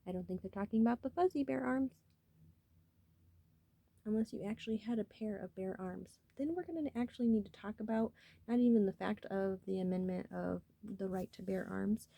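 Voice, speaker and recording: A woman's voice: medium pitch, vocal fry, mellow, slightly rough, no echo. A woman talking casually to her viewers in a rambling, earnest way, cursing freely as she shares spiritual thoughts. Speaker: vlogger.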